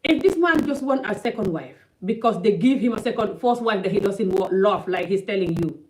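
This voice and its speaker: A woman's voice: medium pitch, animated, fairly quick, darkish tone, slight background noise, poor audio. A woman from Africa giving blunt, emphatic opinion commentary in a vlog, repeating points for stress. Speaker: vlogger.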